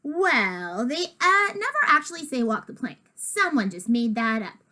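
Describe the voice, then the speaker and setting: A woman reads a children's picture book aloud with a high, bright voice that jumps around constantly. She talks straight to her young listener between pages, keeping the storytime lively. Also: a little slow. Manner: lively, expressive storytime delivery with asides to the listener. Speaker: storybook reader.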